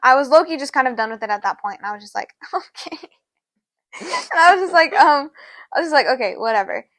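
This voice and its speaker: A woman's voice: expressive, quick pace, fairly bright tone, no echo. A young woman co-hosting a podcast, telling a long personal story in a rambling, casual way. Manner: rambling, fillers like "da, da, da" and "low-key". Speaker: podcast co-host.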